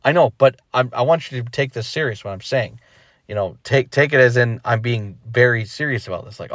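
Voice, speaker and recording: A young man talking through his retirement from rap in a casual vlog, animated and emphatic, repeating himself and acting out quick thoughts. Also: mid-range voice, dry recording, studio quality. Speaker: rapper explaining his retirement.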